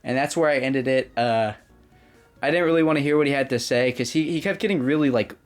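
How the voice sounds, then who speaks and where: A man's voice: medium pitch, quick pace, faint music behind. A man telling a comedy story about a prank, reading chat messages aloud and laughing often. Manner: laughs often, reads both sides of chats.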